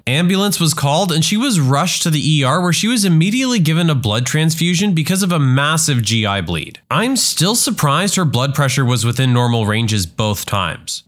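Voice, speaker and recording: A man reads online stories aloud as a podcast host, his pitch sitting a little high. He swings his voice up and down freely as he storytells and comments. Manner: lively, expressive storytelling. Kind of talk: reading reddit posts aloud with commentary.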